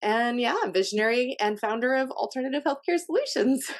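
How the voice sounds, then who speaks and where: A woman's voice: on the high side, animated, a little fast. Middle-aged woman, casual guest, talks through fillers and restarts. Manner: chatty, many fillers and restarts. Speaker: podcast guest, health coach. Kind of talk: casual interview chat.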